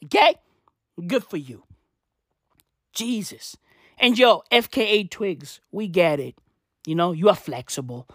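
Young woman cussing thru a comic rant, lots of slang, bouncy pitch, dry close mic. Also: lively intonation, unhurried, long pauses, husky, dry recording. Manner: slangy, profane, repetitive, laughs at own jokes.

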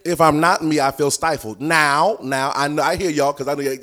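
Male preacher, fairly high voice, animated teaching sermon, folksy and repetitive. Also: a little fast. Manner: animated, punchy repetition, rises to shouts and sung phrases; folksy colloquial delivery. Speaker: prophetic ministry teacher.

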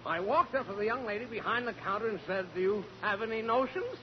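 Guy doing a flustered old gentleman, chuckly and stammery, voice jumping all over, on a dull old radio recording. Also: high-pitched, expressive, fast talker, slight background noise. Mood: chuckling. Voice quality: giggling, stammering. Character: flustered chuckling elderly gentleman, giggly and rambling. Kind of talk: 1940s radio comedy impression.

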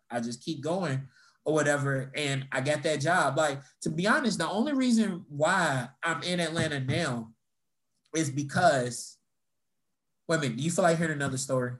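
A young adult man with a fairly high pitch and moderate pace tells personal stories in casual conversation. He's animated, swears without holding back, and acts out what others said.

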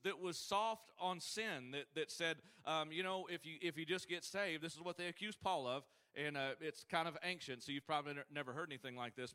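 A preacher with a bright, forceful voice pitched a little high. He tells jokes in a folksy way, shouting his main points and dropping low for asides. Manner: folksy, joking, shifts between shouting and hushed asides. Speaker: pastor. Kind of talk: sermon.

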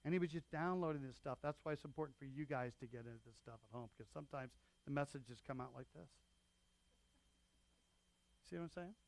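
A man's voice: mid-range voice, fairly even intonation, quick pace, creaky, few pauses. A man preaching a sermon as pastor, talking in a loose, conversational way with frequent asides to the congregation.

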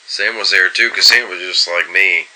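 A man's voice: deep voice, steady tone, moderate pace, sharp tone, poor audio. A man co-hosting a podcast, telling workplace stories in casual chat, mimicking coworkers and swearing freely. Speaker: podcast co-host.

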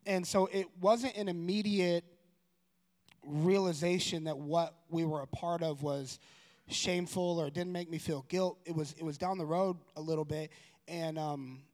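A man telling a personal story in a casual, rambling way, correcting himself and growing animated. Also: on the high side, unhurried. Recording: long room reverb.

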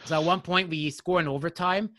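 A man who is a guest and airline pilot, telling stories in a casual podcast chat. He is animated and profane, and he acts out other people's voices. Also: fairly high pitch, brisk, dry recording, studio quality.

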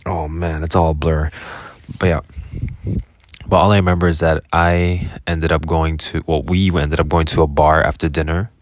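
A man's voice: rumbling low, flat delivery, moderate pace, slight background noise. A young man casually recounting his travels as a vlogger, rambling and correcting himself with many fillers. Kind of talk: casual spoken travel diary.

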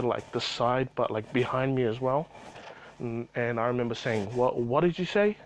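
A man's voice: mid-range voice, slight background noise, low-quality recording. Guy rambling thru a work story, swears a lot, says like every other word. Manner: rambling, full of fillers and swearing. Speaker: retail worker telling a story.

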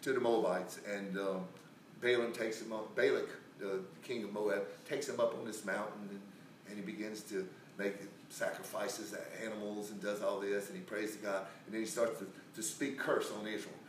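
A man's voice: fairly low pitch, fairly even intonation, moderate pace, a little hiss or hum. A man telling a Bible story in a casual, rambling sermon, full of restarts and acted-out quotes. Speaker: preacher. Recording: echoey room, recorded from a distance.

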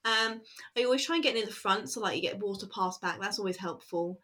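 A woman's voice: medium pitch, a little fast, pushed and bright. A woman talking casually in an interview, rambling with many fillers and bursts of laughter. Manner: chatty, lots of fillers and laughter. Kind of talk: casual chat.

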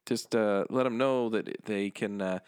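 A man co-hosting a podcast, easygoing and quick to laugh, rambling through plugs with fillers. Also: fairly low pitch, smooth, no room sound, clean studio sound. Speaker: podcast co-host. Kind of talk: casual chat and show plugs.

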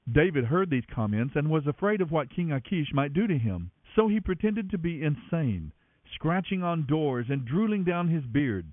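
Expressive male scripture reader on tinny radio. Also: fairly high pitch, moderate pace, dry recording. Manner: dramatic, expressive narration. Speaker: Bible reader. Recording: tinny narrow-band radio, dry.

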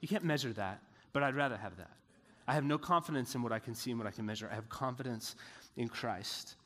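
A man's voice: mid-range voice, fast talker, a bit bright, long reverb tail. A man preaching a casual Bible lesson, talking in a loose, joking way with lots of filler words. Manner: chatty, joking asides with many "like" fillers.

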